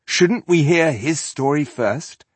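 A man voicing a gentle, coaxing male adventurer. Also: a little high, lively intonation, slow pace, breathy edge, no echo, pitched above the performer's own voice, full character voice.

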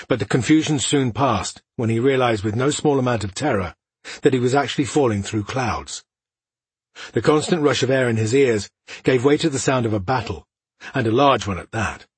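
Guy reading a fantasy audiobook, husky breathy voice, dry close sound, steady pace. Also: medium pitch, moderate pace, no room sound. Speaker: audiobook narrator. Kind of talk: scripted fantasy narration.

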